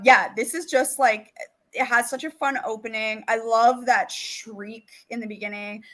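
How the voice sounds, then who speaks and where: A woman's voice: a little high, fairly bright tone. A woman co-hosting a metal music podcast, chatting casually and enthusiastically, full of "like" and "um". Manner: chatty, enthusiastic, lots of "like" and "um" fillers. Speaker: podcast co-host. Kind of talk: casual chat.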